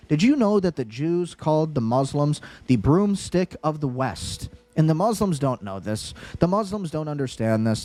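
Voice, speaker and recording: A man hosting a heated commentary, his voice sitting a bit high for a man. He talks in an agitated, insistent way and hammers his points by repeating them. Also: mellow. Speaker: political commentary host.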